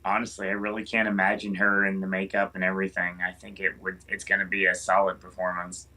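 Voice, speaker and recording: A man's voice: sits low, monotone, quick pace, bright, forceful tone. A man co-hosting a casual online chat, dry and reading out listener questions. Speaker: podcast co-host.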